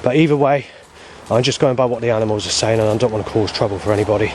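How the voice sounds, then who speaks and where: A man's voice: on the low side, fairly even intonation, racing, darkish tone, a little hiss or hum. A man, rambling in an aggrieved personal monologue, swearing often and restarting his sentences. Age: 40s. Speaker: vlogger.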